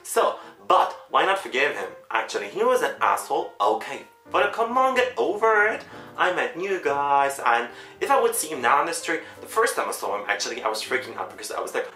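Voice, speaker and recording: A woman in her twenties chats to camera in English that is not her first language, rambling on and correcting herself as she goes. Her voice is bright and swings widely up and down in pitch. The room is echoey, with faint music underneath. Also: very animated, normal speed. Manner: rambling, chatty, self-correcting. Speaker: vlogger. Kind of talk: casual chat to camera.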